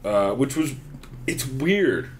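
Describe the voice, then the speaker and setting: A man's voice: medium pitch, big pitch swings, slow pace, a crowd in the background. A man co-hosting a podcast, breaking down fight cards in a loose, profane, joking way and laughing often. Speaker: podcast co-host. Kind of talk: casual chat, fight breakdown.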